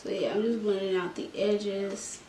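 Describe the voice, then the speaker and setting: A woman's voice: medium pitch, normal speed, distant mic. A young woman, chatting dramatically while doing a makeup tutorial. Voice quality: dramatic, animated storytelling. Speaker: beauty vlogger. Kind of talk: casual makeup tutorial chat. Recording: echoey room.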